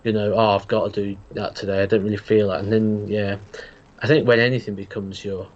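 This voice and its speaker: A man's voice: on the low side, level tone, a little fast, highs cut off. A man hosting a casual live watch-along stream, chatting easily and thanking viewers for their donations. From England. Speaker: host.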